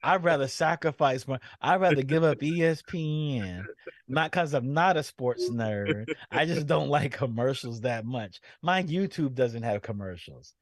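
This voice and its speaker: A man's voice: mid-range voice, a little slow, no echo. Laid-back slangy man on a podcast. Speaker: podcast co-host. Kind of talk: casual chat.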